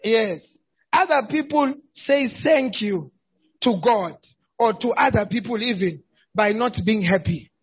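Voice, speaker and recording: A man preaching a sermon as pastor, animated and humorous, often shouting for emphasis. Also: high voice, measured pace, slightly rough. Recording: tinny phone-like sound.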